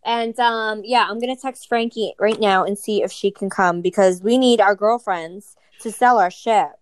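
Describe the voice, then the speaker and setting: A woman's voice: mid-range voice, fairly even intonation, normal speed. A young woman co-hosting a podcast, brash and swearing as she plugs live shows. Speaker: podcast co-host. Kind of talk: casual chat.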